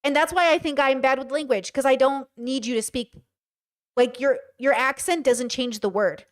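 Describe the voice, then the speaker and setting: A woman's voice: high voice, moderate pace. A woman hosting a livestream, chatting casually about a video with lots of fillers and restarts. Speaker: streamer host.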